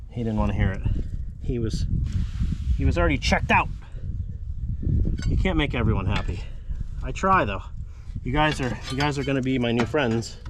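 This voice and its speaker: Chatty man working on a car outdoors. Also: mid-range voice. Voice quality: deaf in one ear. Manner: chatty, jokey, talks to viewers while working. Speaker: car restoration channel host. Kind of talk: casual workshop vlog. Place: outdoors in a yard, windy. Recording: wind and work noise outdoors.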